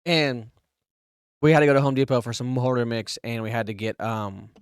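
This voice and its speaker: A man on a podcast telling a crude, animated story between laughs in casual chat. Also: mid-range voice, moderate pace, smooth, no room sound, clean studio sound. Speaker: podcast co-host.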